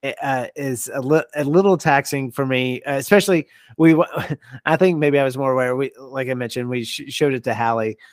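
A man's voice: mid-range voice, fairly quick, dry recording, clean studio sound. A young adult man, a guest on a podcast, chatting casually with plenty of laughs and hesitant fillers. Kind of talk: casual chat.

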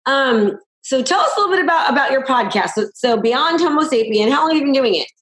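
A woman's voice: high-pitched, expressive, quick pace. Woman, interview host, upbeat and encouraging, echoey room. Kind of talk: casual interview chat.

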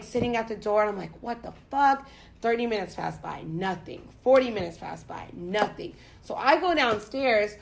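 A young woman from the United States telling a story in casual chat, profane and animated. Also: fairly high pitch, vocal fry.

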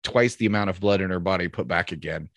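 A man's voice: sits low, quick pace, creaky, a bit bright, dry recording. A man in casual podcast chat, rambling and profane, with emphatic bursts.

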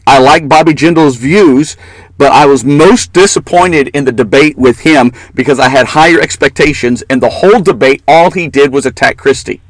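A man at a middle pitch gives blunt, opinionated political commentary in a casual chat. He mocks the people he talks about and drifts into laughter. The recording is close and dry, with no room sound. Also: moderate pace, no room sound, low-quality recording. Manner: opinionated, mocking, laughs often. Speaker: political talk show co-host.

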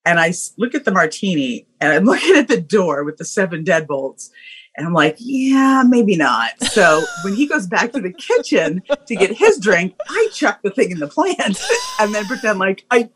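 A woman guest on a podcast, telling a personal story in an animated way, acting out voices and laughing often. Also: medium pitch, normal speed.

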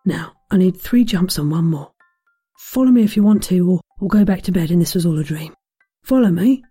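A kindly little teddy bear with polite, gently fussy manners, played by a woman in a bedtime story. The voice is very dark and mellow, a bit breathy, close and dry. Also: on the low side, expressive, fairly quick, no room sound, faint music behind. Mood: playful.

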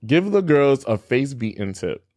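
A woman in her thirties in casual chat, playful and animated, acting out quoted lines. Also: very deep voice, a little slow, dry recording, clean studio sound. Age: 30s.

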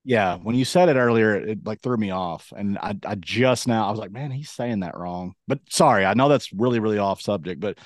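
A man co-hosting a casual podcast chat, rambling and animated, slipping into quick impressions. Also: on the low side, no room sound, clean studio sound. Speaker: podcast co-host.

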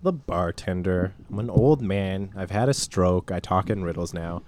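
A man's voice: deep voice, moderate pace, a little mellow, a little hiss or hum. A man chatting casually and telling a joking story, laughing often. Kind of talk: casual comedic chat.

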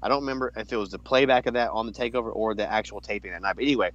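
Rambling man in lo-fi wrestling chat. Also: very fast. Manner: rambling, restarts often, jumps into high voice to quote. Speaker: podcast co-host.

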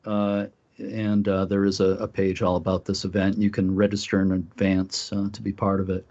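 Low, hesitant male guest, lots of uhs, dull lo-fi sound. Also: completely flat delivery, darkish tone. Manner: halting, many filler uhs. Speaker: lighthouse group volunteer leader. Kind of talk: casual radio chat. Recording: dull lo-fi recording.

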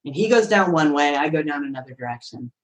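A woman podcast guest telling a story in a chatty, animated way, often acting out voices with big swings in pitch. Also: fast talker, poor audio. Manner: chatty, frequent fillers like "like" and "right?". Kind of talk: casual storytelling.

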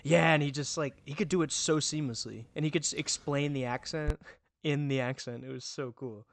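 A man's voice: on the high side, steady tone, fairly quick, vocal fry. A man with an ordinary mid-range voice chats on a podcast. He jokes around and strings his thoughts together loosely with plenty of fillers. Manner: loose, joking, filler-heavy. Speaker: podcast co-host. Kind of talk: casual chat.

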